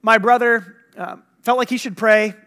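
A man's voice: very high voice, normal speed. A young man preaching a sermon, telling a story with lots of acted-out dialogue. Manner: animated storytelling, acting out dialogue.

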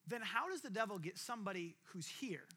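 Bright high-voiced male preacher. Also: expressive, brisk, husky. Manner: conversational preaching, acts out quoted listeners. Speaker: pastor. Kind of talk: sermon.

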